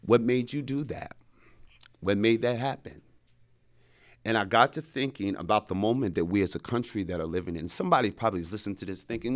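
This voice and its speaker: A man's voice: mid-range voice, brisk. A man giving an earnest, emphatic talk about a personal experience, acting out his own pleading words, recorded in a media studio. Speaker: lecture speaker. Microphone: studio microphone.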